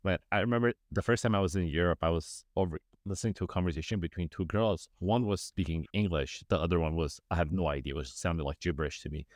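A man co-hosting a casual soccer podcast, talking in a relaxed, hesitant way. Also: low-pitched, fast talker, few pauses, no echo, clean studio sound. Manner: relaxed, hesitant, many "uh" fillers. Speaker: podcast co-host. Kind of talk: casual sports chat.

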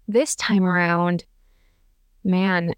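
A woman's voice: fairly low pitch, fairly even intonation, drawn-out words, clear, resonant tone, no room sound. A young adult woman telling her own story as a podcast guest, chatty and candid, full of fillers and restarts. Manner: chatty, many fillers and restarts, laughs between thoughts.

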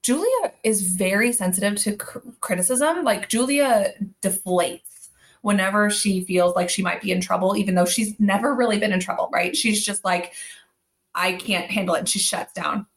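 A woman's voice: medium pitch, normal speed. A woman in her thirties co-hosting a parenting podcast, chatting casually and telling stories about her young child with quoted asides. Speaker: podcast co-host. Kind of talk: casual chat.

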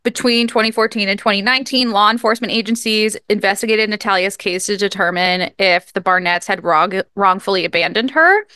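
Bright crisp-voiced woman podcast host. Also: medium pitch, fairly quick, hardly any pauses, dry recording, clean studio sound. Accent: regional. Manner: chatty, restarts and apologizes mid-story. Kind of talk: casual chat, recapping a story.

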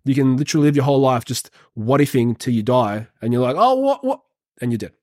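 Guy doing a motivational podcast rant, earnest, swears a lot, mid-pitched, dry close sound. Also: steady tone, fast, a little mellow, no room sound. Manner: earnest, rambling, swears casually. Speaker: podcast host, personal trainer.

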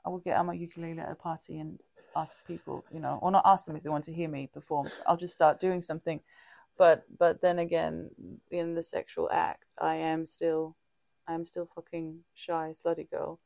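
Woman, podcast co-host, candid casual chat, halting restarts, mellow dark tone. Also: sits low, flat delivery, creaky, dry recording, clean studio sound. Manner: halting, frequent restarts and fillers; open and reflective.

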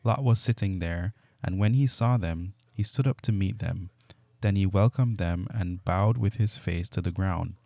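A man reads scripture aloud, calm and measured. His voice sits low and warm, and the recording is dry and close, with no room sound. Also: gravelly, no echo. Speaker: Bible reader. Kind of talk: steady scripture reading.

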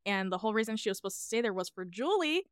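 A woman's voice: medium pitch, big pitch swings, very fast, clear, resonant tone, no room sound, studio quality. A woman co-hosting a podcast, casually sharing reflective, opinionated commentary on a TV show. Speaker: podcast co-host. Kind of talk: casual discussion.

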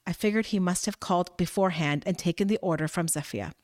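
A woman's voice: on the low side, fast talker, darkish tone, no echo, studio quality. A woman reading a first-person novel aloud, narration mixed with dialogue, with occasional slips and restarts. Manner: reads with small slips and restarts. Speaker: audiobook reader.

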